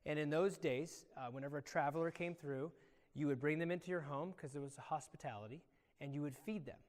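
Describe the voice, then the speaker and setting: A high-voiced male pastor teaching a children's Bible lesson, animated and calling on the kids by name. His voice carries a long echo from the church hall. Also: a little fast.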